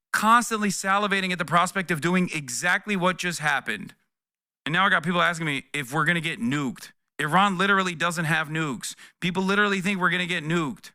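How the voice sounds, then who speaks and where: Brash, bright-voiced streamer ranting. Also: male voice, high-pitched, clean tone, no room sound, studio quality. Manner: profane, sarcastic and exasperated. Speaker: political streamer. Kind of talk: live reaction commentary.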